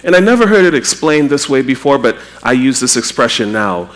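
A man from Trinidad preaching a sermon, animated and acting out quotes with a raised voice. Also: mid-range voice, fairly quick.

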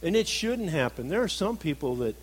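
Earnest male preacher, slightly raised pitch. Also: very animated, fairly quick, husky, rough recording. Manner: earnest, swings between emphatic and soft, reflective. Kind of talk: sermon.

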